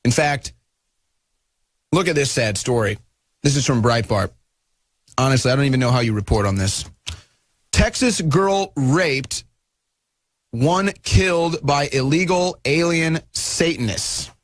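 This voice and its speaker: A man's voice: medium pitch, expressive, measured pace, pauses often, dry recording, clean studio sound. A man hosting a talk radio show, giving fired-up, indignant commentary.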